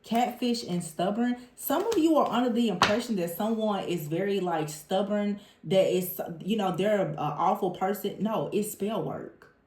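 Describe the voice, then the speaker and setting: A woman giving a tarot reading to her viewers in an animated, exasperated way, mimicking the people she talks about. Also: mid-range voice, moderate pace, a little hiss or hum. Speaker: tarot reader. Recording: roomy echo.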